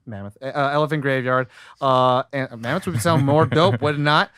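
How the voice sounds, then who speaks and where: A man co-hosting a podcast, casually recapping a film in a rambling, slangy way with quick character impressions. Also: mid-range voice, fairly bright tone, clear, resonant tone, no echo, studio quality. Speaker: podcast co-host.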